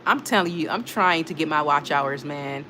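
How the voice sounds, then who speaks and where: A woman hosts a casual livestream, chatting and laughing while reading her viewers' comments aloud from the chat. Her voice is low-pitched and sharp in tone, at a normal speed, with slight background noise.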